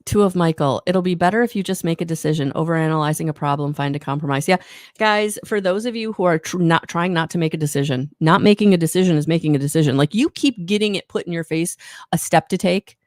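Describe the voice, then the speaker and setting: A woman's voice: fairly low pitch, fast talker, dry recording, clean studio sound. A woman giving a live oracle card reading, rambling and encouraging, often correcting herself mid-sentence. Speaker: intuitive card reader.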